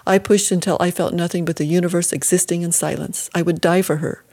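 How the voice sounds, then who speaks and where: Low-voiced woman narrating a story. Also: steady tone, quick pace, warm tone. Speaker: audiobook narrator. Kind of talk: first-person scripted narration.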